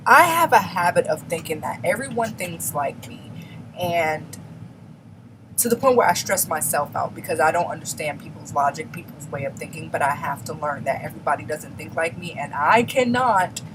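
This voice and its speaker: A woman's voice: low voice, lively intonation, normal speed, background noise. Blunt, candid woman vlogging. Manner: candid, blunt, emphatic with laughs. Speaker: beauty vlogger. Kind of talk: casual confessional chat.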